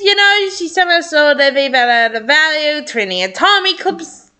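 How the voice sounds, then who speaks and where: Aussie woman reading a script and gushing, high bright voice that leaps all over, teary and giggly. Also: expressive, normal speed. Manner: gushing and tearful, laughing often. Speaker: fan reading and reacting to a script. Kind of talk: excited reaction vlog, reading a script aloud.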